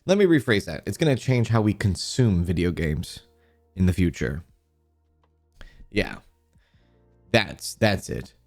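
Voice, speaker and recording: A man's voice: deep voice, lively intonation, unhurried, gravelly, long pauses, darkish tone, soft background music. A man streamer in casual livestream chat, greeting viewers by name and trailing off into restarts.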